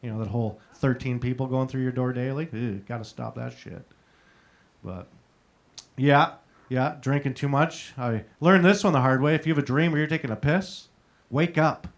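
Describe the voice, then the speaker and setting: A man's voice: mid-range voice, normal speed. A man doing a crude, conversational stand-up comedy set in a comedy showroom, talking straight to the crowd. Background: audience laughter.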